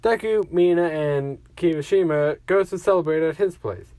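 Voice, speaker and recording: A man's voice: fairly high pitch, moderate pace, dark tone, dry recording. A man casually narrating a fan-fiction story in a rambling way, full of "like" fillers.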